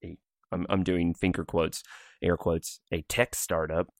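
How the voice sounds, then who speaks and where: A man's voice: low-pitched, little pitch movement, a little slow, dry recording, studio quality. A man in his thirties co-hosting a casual podcast, rambling with frequent laughs into a pop-filtered mic. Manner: laughs often, rambling asides. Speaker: podcast co-host.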